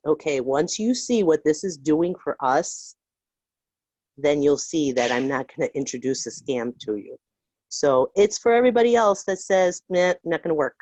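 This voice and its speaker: A woman's voice: deep voice, a little mellow, no echo. An older woman, a grandmother, calling in to a group call and speaking in a heartfelt, earnest way. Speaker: caller. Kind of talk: casual group call talk. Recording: dull lo-fi call audio.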